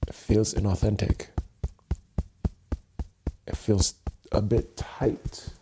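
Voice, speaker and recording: A man hosting a tapping livestream who rehearses his intro over and over, swears casually and thinks aloud with long pauses while seated at his desk. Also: fairly low pitch, little pitch movement, background noise. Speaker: livestream host, EFT tapping coach. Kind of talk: unscripted livestream self-talk. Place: seated at his home workstation.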